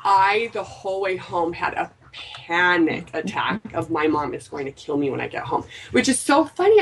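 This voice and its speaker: A woman's voice: a little high, slight background noise. A woman co-hosting a casual talk show, telling a personal story in an earnest way. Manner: earnest storytelling, animated quoted voices. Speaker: co-host. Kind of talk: casual chat. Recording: voice from a distance off the mic.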